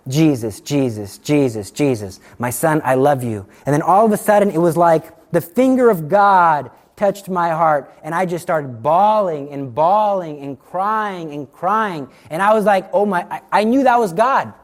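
A middle-aged man giving a sermon, telling a story with lively acted-out dialogue. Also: high voice, unhurried, hardly any pauses. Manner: animated storytelling, acts out dialogue. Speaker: Catholic speaker.

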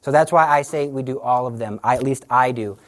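A woman with a low voice gives a conversational talk on faith to an audience. She tells stories with animation and slips into the voices of the people she quotes. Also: fairly quick. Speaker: Catholic speaker on the rosary.

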